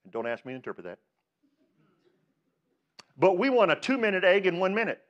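A man's voice: high voice, big pitch swings, fairly quick, dull audio. A male pastor preaching a sermon, emphatic, asking rhetorical questions and rising on the words he stresses.

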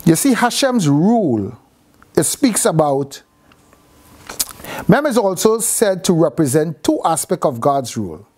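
Brief: male teacher, slightly higher voice, questioning, restarts mid-sentence, classroom lesson. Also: very animated, measured pace, pauses often, a little mellow. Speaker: Bible teacher. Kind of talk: classroom teaching on Hebrew letters.

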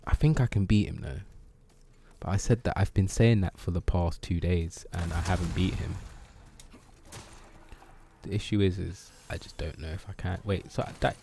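Man, game streamer, lowish voice, mutters and curses, casual commentary. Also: normal speed, gravelly, long pauses, warm tone, a little hiss or hum. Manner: frustrated, swears a lot, mutters to himself. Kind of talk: casual live gameplay commentary.

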